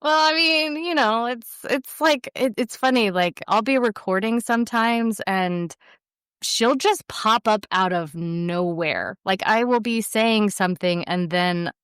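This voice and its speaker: A woman's voice: on the high side, measured pace, a bit bright, smooth, dry recording, studio quality. A young adult woman, an audiobook narrator, chatting casually in an interview and rambling with lots of fillers. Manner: rambling, lots of fillers, self-deprecating laughs.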